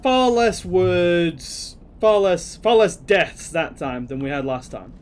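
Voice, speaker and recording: A man's voice: sits high, lively intonation, slow, slight background noise. A young British man casually commenting while streaming a game, chatty and rambling as he answers chat. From Britain.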